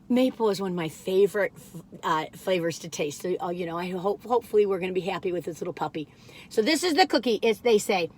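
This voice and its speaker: A woman chatting casually as she reviews food, rambling and digressive, gushing with excitement and laughing often. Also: mid-range voice, slight background noise. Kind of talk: casual chat.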